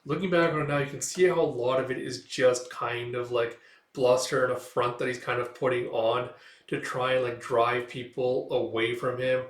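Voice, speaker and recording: A man's voice: mid-range voice, level tone, normal speed. Rambling man recapping a comic. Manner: rambling, filler-heavy. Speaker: comic reader and reviewer. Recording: roomy echo, distant mic.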